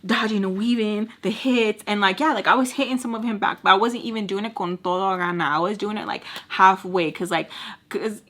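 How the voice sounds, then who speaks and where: A woman's voice: mid-range voice, brisk, fairly bright tone. A young woman vlogger chatting to her viewers, casual and blunt, with free swearing. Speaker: storytime vlogger. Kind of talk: casual storytime while doing makeup.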